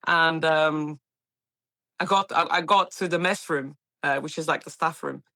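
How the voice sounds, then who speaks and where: A Brazilian woman, Portuguese her first language, recalls her work in a bright, forward voice. She talks freely in a casual interview, acting out quoted lines and laughing easily. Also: low voice, unhurried. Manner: animated storyteller, acts out quoted voices, laughs often. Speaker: paramedic guest.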